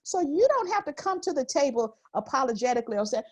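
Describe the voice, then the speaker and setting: A high-pitched woman talks in an animated, emphatic way as a guest in an interview. She projects her voice firmly and acts out quoted remarks. She laughs easily between points. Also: fast talker. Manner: projects voice with authority. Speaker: guest author. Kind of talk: interview conversation.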